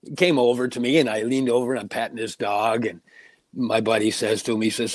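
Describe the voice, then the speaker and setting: A man's voice: medium pitch, fairly even intonation, brisk, dry recording. A man co-hosting a casual podcast chat, telling long earnest stories. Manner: earnest, rambling storyteller. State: getting emotional.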